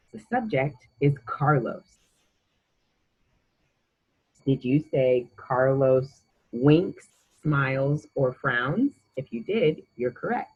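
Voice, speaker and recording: A woman's voice: very deep voice, breathy edge, narrow, tinny audio. A woman teaching a grammar lesson to children, patient and encouraging as she quizzes the listener.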